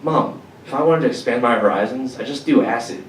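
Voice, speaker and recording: A young man doing a stand-up comedy set, deadpan and slangy, with casual profanity. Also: medium pitch, brisk, heavy background noise. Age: young adult. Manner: deadpan, slangy and profane, mocks others in put-on voices. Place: college venue with audience laughter. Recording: echoey room, distant mic, loud ambience.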